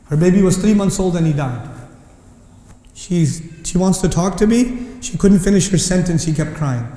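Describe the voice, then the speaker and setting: A man giving an impassioned lecture on Quran verses, mixing English with Arabic recitation and rising to near shouting. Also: high-pitched. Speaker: Islamic lecturer. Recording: echoey hall reverb.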